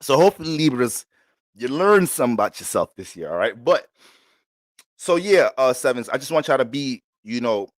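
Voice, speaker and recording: A man's voice: medium pitch, big pitch swings, normal speed, no room sound. Casual, profane man in a dry room. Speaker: astrology vlogger. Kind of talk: casual monologue.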